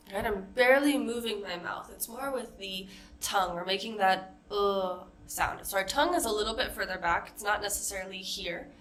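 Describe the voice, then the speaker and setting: With a fairly bright tone at medium pitch, an American woman works as an accent coach, patiently modeling vowels and example words individually during a pronunciation lesson.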